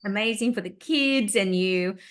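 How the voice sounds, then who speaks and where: Slow-speaking woman podcast host. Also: medium pitch. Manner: attentive, affirming. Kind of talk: interview conversation.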